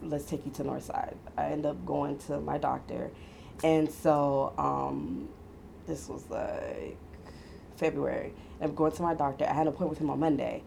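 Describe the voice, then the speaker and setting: A woman's voice: deep voice, moderate pace, vocal fry, a little hiss or hum. A woman in her thirties casually telling a personal story, acting out what others said. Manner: animated, acts out quoted voices, laughs often.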